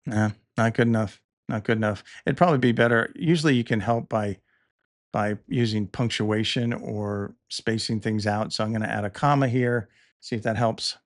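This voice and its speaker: A middle-aged man, a podcast host, walking through a software demo in a relaxed, casual way, thinking aloud with small restarts. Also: lowish voice, moderate pace, dry recording, studio quality. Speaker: podcast host demonstrating tools. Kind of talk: casual tutorial narration.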